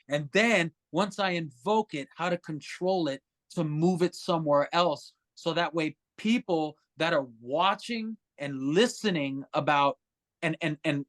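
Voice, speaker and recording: A man guest on a podcast, telling stories in a casual, animated way, swearing freely and acting out other people's voices. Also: fairly high pitch. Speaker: musician guest.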